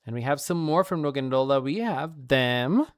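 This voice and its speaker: A woman's voice: extremely low pitch, animated, normal speed. A woman streamer gushing playfully over fan art in a casual showcase, laughing often.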